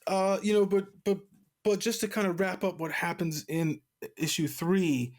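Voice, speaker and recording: A man co-hosting a podcast, retelling a comic's plot in casual chat with lots of restarts and excited asides. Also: sits high, normal speed. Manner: excited storytelling, many restarts and "you know". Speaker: podcast co-host.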